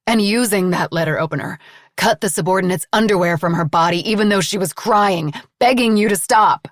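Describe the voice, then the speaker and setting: Woman narrator doing a cool relentless accuser, deliberate, lowish voice, dry close sound, audiobook. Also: fairly even intonation, darkish tone, no echo.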